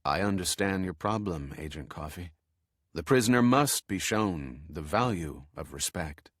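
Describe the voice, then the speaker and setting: A male narrator voicing a menacing male prison warden who speaks low, slow and cold. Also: expressive, fairly bright tone, no room sound, studio quality, heavily acted. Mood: chilling.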